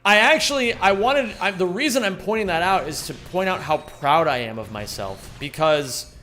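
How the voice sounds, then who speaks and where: A man's voice: high voice, expressive, moderate pace, pushed and bright, a little hiss or hum. A man streaming a speedrun, chatting loosely with his viewers, greeting them by name and rambling between thoughts. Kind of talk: live-stream chat while speedrunning.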